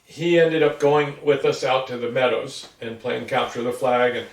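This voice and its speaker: A man's voice: medium pitch, steady tone, normal speed, gravelly. A man in his sixties being interviewed, telling a long rambling story about his past and acting out what others said along the way. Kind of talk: casual recollection. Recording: roomy sound from a distance.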